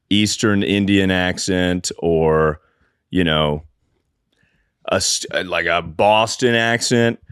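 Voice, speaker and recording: A man's voice: sits low, clean tone, dry recording, clean studio sound. A man co-hosting a comedy podcast, talking in a rambling, profane way and going off on tangents. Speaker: podcast co-host. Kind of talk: casual comedy podcast chat.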